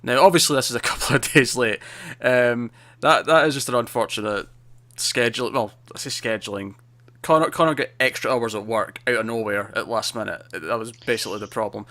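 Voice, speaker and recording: A man's voice: mid-range voice, fairly quick, sharp tone. Rambling male TV review co-host. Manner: rambling, self-interrupting with repeated words. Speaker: podcast co-host. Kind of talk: casual review chat.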